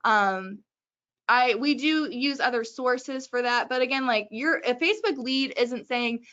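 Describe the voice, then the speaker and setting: A woman's voice: on the high side, a bit bright. Chatty woman hosting a webinar, lo-fi. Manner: chatty, joking, brisk advice. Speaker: webinar host. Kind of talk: casual webinar talk.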